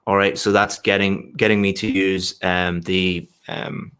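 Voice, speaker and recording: A man's voice: low-pitched, little pitch movement, a little slow, fairly bright tone, clear, resonant tone. A man working as an English exam tutor, giving one-on-one feedback patiently, explaining step by step and often restarting his sentences.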